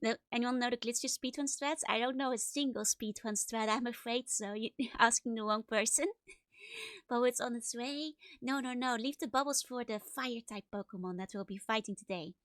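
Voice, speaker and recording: A woman's voice: a little high, moderate pace, fairly bright tone, no echo, clean studio sound. A woman streamer chatting casually with viewers, bubbly and giggly, a bit sleepy with a slightly stuffy nose from a cold. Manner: bubbly, giggly, repeats greetings in sing-song runs. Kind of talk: casual live-stream chat greeting viewers.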